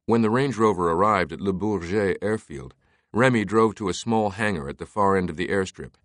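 Man, audiobook narration, low voice, dry close sound. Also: brisk, no echo. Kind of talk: scripted narration.

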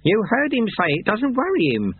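A man's voice: high voice, wildly swooping pitch, normal speed, breathy edge, pitched above the performer's own voice, exaggerated voice. A man voicing an old, serene male monk who speaks mildly and quotes proverbs, over tinny narrowband audio. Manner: mild, proverb-quoting.

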